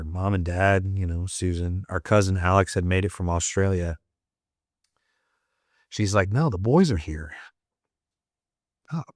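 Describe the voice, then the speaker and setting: A choked-up American man tells a story on a podcast, unhurried and halting, full of restarts and blunt swearing. His voice sits low, and the sound is close and dry. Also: no echo. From United States. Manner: candid, profane, halting with fillers and restarts. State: choked up and teary. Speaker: podcast guest, Marine veteran. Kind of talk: emotional storytelling in a podcast interview.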